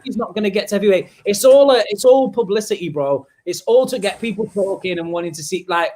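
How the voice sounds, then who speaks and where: A man's voice: high voice, fast, darkish tone, a little hiss or hum. A man talking casually on a podcast, hesitant and often repeating himself. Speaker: podcast co-host. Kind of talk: casual chat about MMA.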